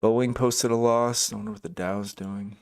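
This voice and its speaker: A man's voice: fairly low pitch, steady tone, normal speed, gravelly, darkish tone, clear, resonant tone. A man hosting a live day trading stream, thinking aloud over charts with many fillers and restarts. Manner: thinking aloud, hesitant, frequent fillers and self-corrections; greets chat viewers by name. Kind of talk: casual live market commentary.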